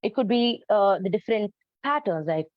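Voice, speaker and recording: A woman gives an educational talk, explaining her points earnestly and pausing often on ums and uhs. Her voice sits at a middling pitch. The recording is dull and lo-fi, with a dry, close sound. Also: lively intonation, no room sound. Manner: earnest, explanatory, many fillers. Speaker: presenter on storytelling for autistic children.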